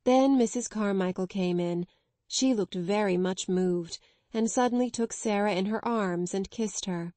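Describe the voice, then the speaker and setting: A woman reading a classic children's novel aloud in measured, expressive narration. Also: medium pitch, no room sound. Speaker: audiobook narrator. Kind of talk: scripted narration.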